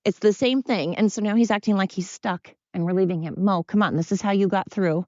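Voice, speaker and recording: A woman's voice: mid-range voice, fairly quick, dark tone, dry recording. A woman hosting a podcast on her own, talking in a blunt, opinionated, rambling way. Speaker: podcast host. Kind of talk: casual solo monologue. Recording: dry, dull lo-fi sound.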